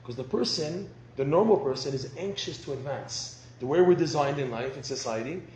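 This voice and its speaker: Animated man teaching a class. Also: fairly high pitch, a little fast. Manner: animated, acts out dialogue, laughs often. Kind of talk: lecture on marriage. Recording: roomy echo, faint background noise.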